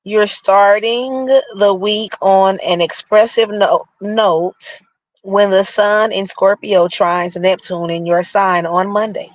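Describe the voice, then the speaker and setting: High-voiced man riffing on horoscopes. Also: no echo, rough recording. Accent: New York. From New York. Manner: animated, breaks into slangy asides. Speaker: horoscope reader and commentator. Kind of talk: reading aloud and riffing in casual chat.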